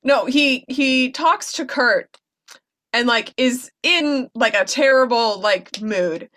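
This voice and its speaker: A woman's voice: high-pitched, takes it slowly, a bit bright. A young woman co-hosting a podcast, recapping a TV episode with enthusiastic asides and lots of fillers. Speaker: podcast co-host. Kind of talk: casual chat recapping a TV episode.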